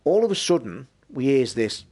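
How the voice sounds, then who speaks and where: A man, telling a long personal anecdote on a podcast in a casual, sweary, animated way. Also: mid-range voice, moderate pace, slight background noise. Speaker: podcast host. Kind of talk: casual storytelling.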